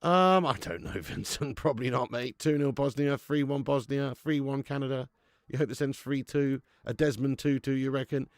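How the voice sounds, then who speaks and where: Male streamer, gravelly and dry-sounding; laddish live chat host who reads out viewers' names. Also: medium pitch, normal speed, no room sound. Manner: chatty and laddish, reading out viewer names, laughs often. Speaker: watch-along host.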